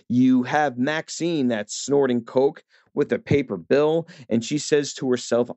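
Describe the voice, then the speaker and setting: On a dull, dry lo-fi recording with no room sound, a man reviews a film casually, chatting directly to his audience. His mid-range voice is a little mellow, and he keeps stumbling into fillers and restarts.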